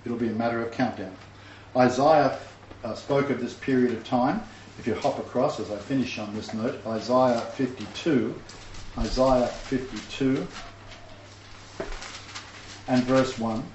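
The sermon comes at a measured pace with frequent pauses, delivered in a slightly mellow mid-range voice. He reads scripture, stresses points fervently, and makes scornful asides, all in a roomy, distant, dull recording with faint ambience and a little hiss or hum.

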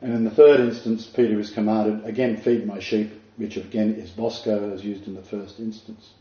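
A man's voice: on the low side, flat delivery, normal speed, mellow. An older man preaching a sermon, earnest and emphatic, with asides to his listeners. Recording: dull echoey room recording.

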